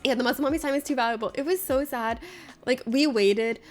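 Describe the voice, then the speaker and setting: A woman's voice: high-pitched, a little fast, faint music behind. A woman from Florida chatting casually with her viewers during a livestream, telling stories and laughing often. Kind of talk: casual chat with viewers during a game stream.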